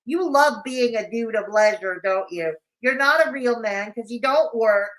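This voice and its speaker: A woman's voice: on the high side, a little slow, a bit bright, low-quality recording. A woman hosting a reaction commentary, talking in a sarcastic, scolding way.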